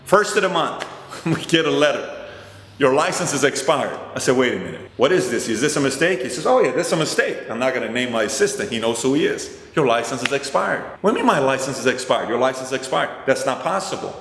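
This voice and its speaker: Animated man telling a story in a roomy hall. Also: medium pitch, fast talker. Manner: animated, acts out both sides of conversations. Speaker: host. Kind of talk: motivational storytelling. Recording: roomy hall with long reverb.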